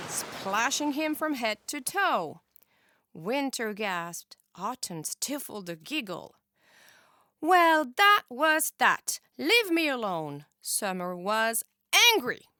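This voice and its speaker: A woman teacher reads a children's picture book aloud, her pitch swinging widely with expressive energy. She reads slowly and clearly in a bright, crisp tone. The recording is close and dry. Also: no room sound. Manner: expressive and animated. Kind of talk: children's storybook read-aloud.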